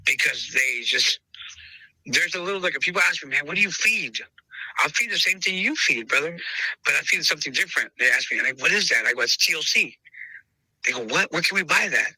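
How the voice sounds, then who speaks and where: A man's voice: fairly high pitch, lively intonation, a little fast, sharp tone, breathy edge, dry recording, rough recording. A man talking emphatically in a casual interview, repeating himself and calling the listener brother. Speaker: podcast host interviewed as dog trainer.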